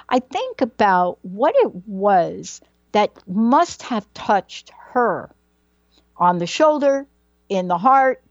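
A woman's voice: mid-range voice, no echo, lo-fi sound. A woman giving a motivational talk about a book, emphatic and repetitive, building her points like a preacher. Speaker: speaker presenting a book.

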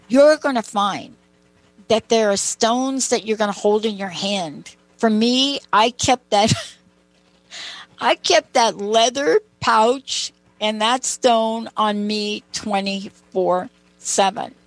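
A woman's voice: medium pitch, slow pace, dry recording, low-quality recording. A woman hosting a talk show, telling personal stories in a chatty way and making asides to her co-host. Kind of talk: conversational storytelling.

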